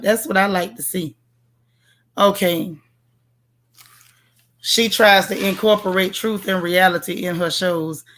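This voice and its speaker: A woman's mid-range, somewhat bright voice carries a casual livestream chat. She reviews a TV show in a sassy, playful way, addressing viewers directly and reading their comments aloud.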